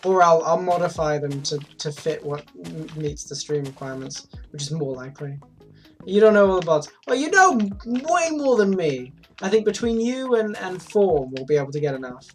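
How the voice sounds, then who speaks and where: A woman with a somewhat low voice chats casually while she plays, rambling and restarting her sentences. She swears freely, and faint music sits under her voice. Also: animated, moderate pace. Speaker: streamer. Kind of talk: casual chat while gaming.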